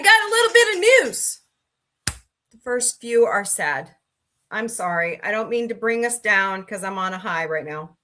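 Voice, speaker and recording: A woman's voice: medium pitch, bright, forceful tone. A middle-aged woman hosting a casual livestream talk show, chatting and greeting viewers by name with a sarcastic streak.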